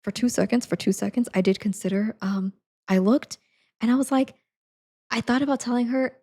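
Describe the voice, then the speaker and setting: A woman's voice: fairly high pitch, normal speed, darkish tone. A woman streamer telling a casual, self-deprecating story, laughing often as she goes.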